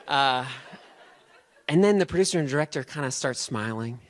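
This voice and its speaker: A man's voice: medium pitch, brisk, fairly bright tone. A man telling a funny personal story on a live stage, chatty and self-mocking, laughing at his own tale. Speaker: storyteller and event host. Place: live stage in front of an audience.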